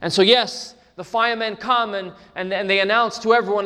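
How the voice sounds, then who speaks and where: Emphatic high-voiced male preacher. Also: fairly even intonation, brisk, hardly any pauses, bright, forceful tone, in a large hall. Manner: emphatic storytelling, repeats for stress. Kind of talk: sermon.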